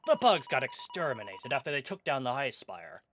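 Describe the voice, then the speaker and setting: Brash raider captain giving a loud mission briefing with some pirate slang, a man putting it on over his own voice. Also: medium pitch, wildly swooping pitch, brisk, a little hiss or hum. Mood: commanding. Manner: loud, upbeat briefing with half-hearted pirate talk. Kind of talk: voicing game dialogue on a stream.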